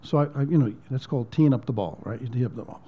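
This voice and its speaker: Pastor telling a story, lo-fi. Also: male voice, medium pitch, quick pace, breathy edge. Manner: conversational, repeats words, drops to near-whisper at emotional points. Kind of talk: sermon storytelling.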